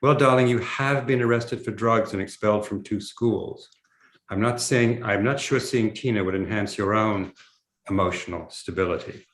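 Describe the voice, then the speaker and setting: A man voicing a haughty upper-class English mother in a memoir reading, speaking in a hushed, grave and cutting way. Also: fairly low pitch, normal speed, lightly acted. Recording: roomy echo.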